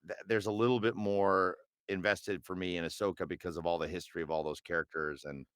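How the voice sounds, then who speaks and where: Low-voiced man, rambling guest. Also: steady tone, brisk, fairly bright tone, smooth, dry recording, studio quality. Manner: rambling and hesitant, with many fillers and restarts. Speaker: voice actor guest. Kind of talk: casual interview chat.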